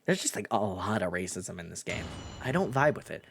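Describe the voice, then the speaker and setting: A man's voice: lowish voice, sing-song, a little fast, vocal fry, a bit bright, a little hiss or hum. A man streaming a video game, giving wry, sarcastic casual commentary. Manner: wry, sarcastic, swears freely.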